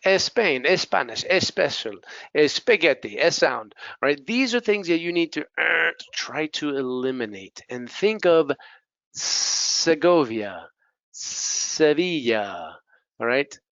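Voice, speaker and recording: A man's voice: fairly high pitch, lively intonation, measured pace, vocal fry, bright, forceful tone, no echo. A male teacher giving a pronunciation lesson, repeating each word to model it, with Spanish asides. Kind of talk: classroom lesson. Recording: dull lo-fi dry recording.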